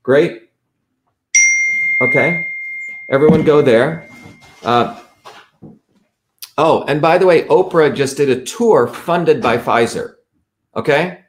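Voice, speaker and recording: A man's voice: fairly high pitch, slow, pauses often, heavy background noise. A man hosting a livestream, walking viewers through a website in an emphatic, repetitive way and checking in with the audience often. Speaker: livestream host.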